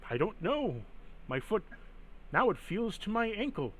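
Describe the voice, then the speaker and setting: A man's voice: high-pitched, big pitch swings, unhurried, pitched above the performer's own voice, exaggerated voice. A man voicing a sheepish, tipsy young son who answers evasively and whines. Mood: whiny.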